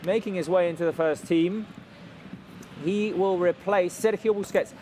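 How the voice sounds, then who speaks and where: A man's voice: high-pitched, steady tone, normal speed, mellow, a little hiss or hum. A man hosting a live football show, chatting playfully with co-hosts and calling the match. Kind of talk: lively studio chat with play-by-play.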